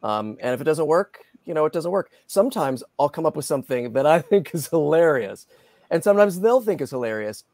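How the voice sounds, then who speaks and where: A middle-aged man, a guest voice actor, chatting in an interview in a lively, self-deprecating way with many restarts. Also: fairly high pitch, fairly quick, no echo. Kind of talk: casual interview chat.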